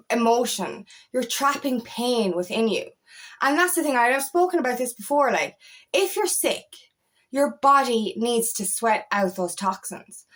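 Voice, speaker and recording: A woman, a feminine empowerment coach, talking straight to camera in a passionate, blunt way, swearing freely. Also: on the high side. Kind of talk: direct-to-camera talk.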